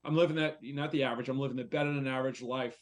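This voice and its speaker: A man from the United States, a real estate investor and coach, talks candidly on a talk show, repeating himself as he shares a personal story. His mid-range voice holds a steady tone while he races along.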